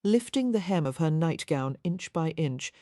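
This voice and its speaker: With lively intonation, a low-voiced, mellow woman narrates a historical romance audiobook in soft, measured tones from a script. The audio is dry and close, free of echo.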